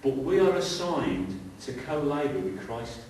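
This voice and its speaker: Speaking at a measured pace, this middle-aged pastor has a mid-range, slightly mellow voice with a sing-song lilt. His sermon is conversational and peppered with rhetorical questions for the congregation gathered in the church hall. The distant mic catches heavy echo and a faint hiss.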